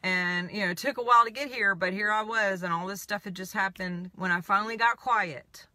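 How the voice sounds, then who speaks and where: With a medium-pitched voice and a brisk pace, a spiritual coach retells a personal experience in a loose, lively monologue full of "I'm like" interjections. The recording has no echo.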